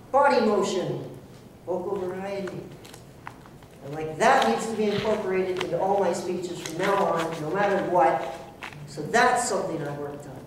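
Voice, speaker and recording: A man's voice: high voice, a little hiss or hum. A man giving an earnest, self-deprecating motivational speech to a club audience, acting out his own inner voice. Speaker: motivational speaker. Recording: echoey room, voice from far off.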